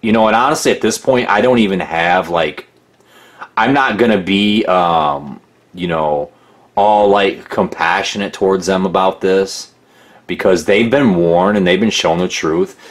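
A man's voice: low voice, measured pace. A man giving casual critical commentary as a documentary narrator, sarcastic and rambling with many restarts.

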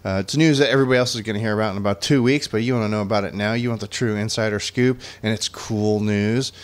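A man's voice: on the low side, fairly even intonation, quick pace. A man hosting a casual car podcast, chatting loosely and rolling into upbeat sponsor plugs. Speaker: podcast host.

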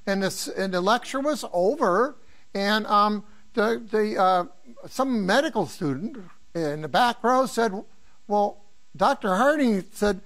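Older male professor from the Midwest, higher-pitched voice, chatty review lecture full of asides. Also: animated, measured pace. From American Midwest. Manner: rambling, anecdotal, asks students questions. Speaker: neuroanatomy professor. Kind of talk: informal exam review lecture.

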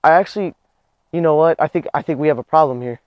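A young man pulling pranks in public, rambling in a halting, confused way with lots of fillers. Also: a little high, no room sound, highs cut off. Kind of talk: prank video, acting confused.

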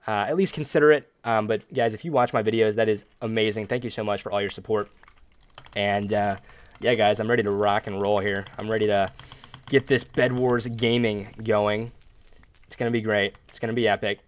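A man hosting a gaming video, chatting casually and upbeat while he plays, with sudden loud outbursts and playful groans. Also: fairly low pitch, steady tone, a little fast, clean tone. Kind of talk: casual gameplay commentary.

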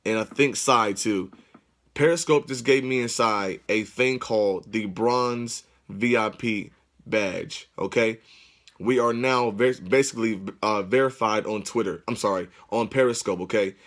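A man's voice: mid-range voice, a bit bright. A man hosting a livestream, speaking fervently to his viewers with churchlike, repetitive exhortations. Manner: religious, churchlike phrasing. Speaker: livestream host. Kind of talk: excited livestream address to viewers. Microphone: phone livestream.

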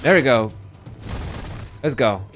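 A man streaming a live game, commenting excitedly, cursing and bursting into shouts. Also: medium pitch, slow pace, over music.

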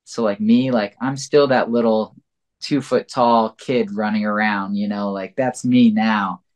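Low-voiced man, rambling and reflective. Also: steady tone, unhurried. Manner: rambling and reflective, heavy use of "like" and "you know". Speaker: podcast guest. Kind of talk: casual conversational interview.

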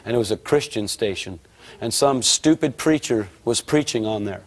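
A man in middle age preaches to a congregation, telling a story from his own life with lively energy. He slips into the voices of his friends and himself as he goes, his tone rising as the story builds. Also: mid-range voice, normal speed. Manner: animated storyteller who acts out quotes. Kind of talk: storytelling sermon.

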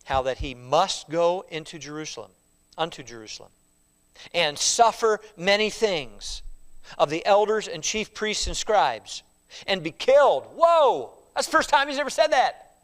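A man teaching a Sunday school Bible study as pastor, acting out quoted lines with lively feeling and at times dropping to a quiet, confessional tone. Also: high voice, a little slow. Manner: animated, acts out quoted speech.

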